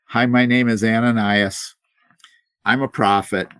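Man acting as an anxious, pleading prophet, voice low and dry, as in a dramatized sermon retelling. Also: fairly even intonation, measured pace, fairly bright tone, clean tone, dry recording. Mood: fearful. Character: frightened male prophet arguing with God.

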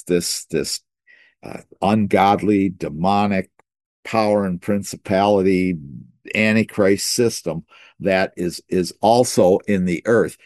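A man teaching through a Bible passage in sermon style, often repeating words as he thinks and slowing down on key phrases. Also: fairly low pitch, a little mellow, no room sound, clean studio sound. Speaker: preacher.

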